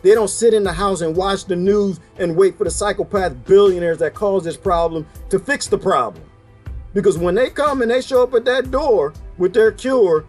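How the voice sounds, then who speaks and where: Brief: high-pitched man, fiery self-made vlogger rant, faint music underneath. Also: a little mellow. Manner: heated, preachy, fires rhetorical questions. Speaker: video blogger. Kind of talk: ranting monologue to viewers.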